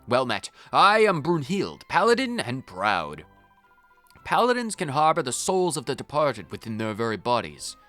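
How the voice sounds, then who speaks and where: A man's voice: mid-range voice, huge pitch swings, moderate pace, sharp tone, soft background music. A man reading the lines of a stern, proud woman paladin in a video game, formal and commanding.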